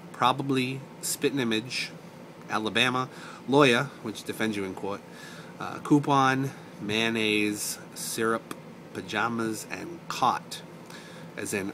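Low-voiced man with a soft Boston accent. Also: noisy background. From north of Boston. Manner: relaxed, explains words as he reads them. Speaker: vlogger. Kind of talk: casual word-list reading.

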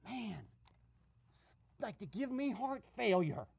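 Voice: mid-range voice, big pitch swings, slow pace, creaky, darkish tone, husky, full character voice. A performer playing a nosy male eavesdropper in a comic radio sketch, giving breathless running commentary and shushing constantly. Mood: gossipy.

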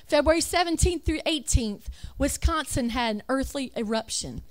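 A religious speaker with an expressive, high voice talks at a moderate pace over a slideshow. Emphatic throughout, she reads lists out loud, asks rhetorical questions, and fixes her own slips.

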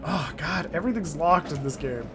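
A man giving casual let's-play commentary, excitable and jokey, swearing and laughing often. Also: a little high, normal speed, slight background noise. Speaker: gameplay streamer. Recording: faint game music behind.

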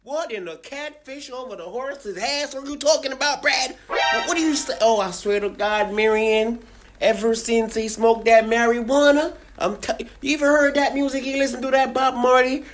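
A man doing a shrill frantic dad. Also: normal speed, faint music behind. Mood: exasperated. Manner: shrill exasperated yelling. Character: frantic fussy father, middle-aged man.

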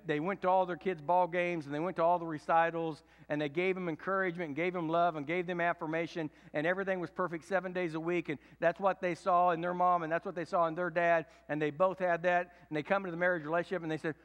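A man in his fifties preaching a sermon, swinging from loud emphatic preaching to low confiding tones. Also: in a large hall. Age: 50s. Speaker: pastor. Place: church sanctuary.

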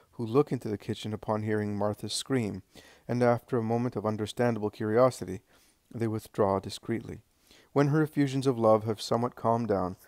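Male devotional reader, low-pitched, calm, dry close recording. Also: no room sound. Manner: calm, unhurried, occasional slips and restarts. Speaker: audiobook reader. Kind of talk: devotional scripture-style reading.

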